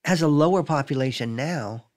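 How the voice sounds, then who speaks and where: A man, an artist, chatting casually in a reflective, halting way with many fillers. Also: on the high side, a little mellow. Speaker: artist in conversation. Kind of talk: casual chat.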